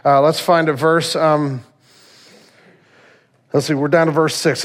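A man's voice: a little high, steady tone, fairly quick, long pauses, fairly bright tone. A man preaching a sermon to his church congregation in a conversational, self-deprecating way, joking with the listeners. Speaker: pastor. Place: church sanctuary.

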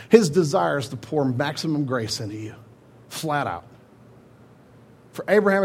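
A man's voice: fairly high pitch, slightly rough. A man preaching a sermon, retelling scripture in a loose, conversational way. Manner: casual storytelling preaching, animated retellings. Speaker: pastor.

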